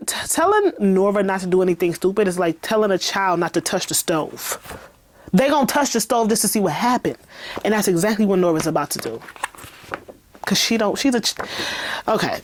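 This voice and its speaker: A woman's voice: fairly low pitch, animated, a little fast. A woman author reading her own novel aloud and breaking off for candid, chatty commentary. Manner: chatty, candid, laughs and swears in asides. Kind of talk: read-along with casual commentary.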